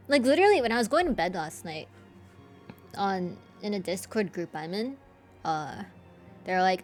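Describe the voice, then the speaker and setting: A woman's voice: mid-range voice, sing-song, moderate pace, faint music behind. A woman streaming live and chatting casually with her viewers. She laughs often and swears casually.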